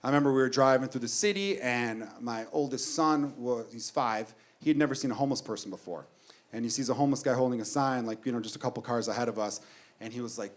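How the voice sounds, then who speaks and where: A man's voice: medium pitch, quick pace. A man in his thirties doing a stand-up routine on stage, telling stories about his kids with plenty of swearing and acted-out dialogue. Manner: animated storytelling, swearing, acts out his kids. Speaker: stand-up comedian. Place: comedy stage before a laughing audience.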